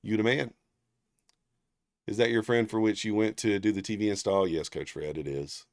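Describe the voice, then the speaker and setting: This man runs a trading livestream, talking casually to viewers and rambling through stories full of fillers and restarts while naming and thanking people in the chat. His voice is on the low side, steady in tone, at a moderate pace, captured with studio quality and no room sound.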